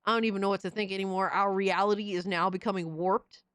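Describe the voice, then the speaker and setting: A woman hosting a live stream, reading chat messages aloud and reacting in an excitable, profane, casual way. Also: mid-range voice, quick pace, clean tone, dry recording. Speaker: livestream host reading chat.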